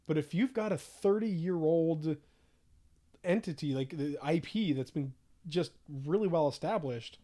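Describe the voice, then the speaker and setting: A man co-hosting a casual podcast, who weighs both sides in a measured way before disagreeing. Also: a little high, dark tone. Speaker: podcast co-host.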